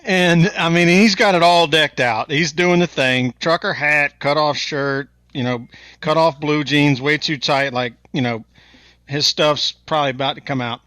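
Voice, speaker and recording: A man's voice: fairly high pitch, unhurried, no echo, studio quality. A man co-hosting a casual podcast, telling stories with lots of laughter. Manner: laughing, animated storyteller. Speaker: podcast co-host. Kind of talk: casual chat.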